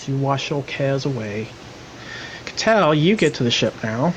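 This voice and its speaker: A man's voice: medium pitch, expressive, unhurried, noisy background. A man narrating a tabletop game as its game master, in a loose, hesitant way with many fillers.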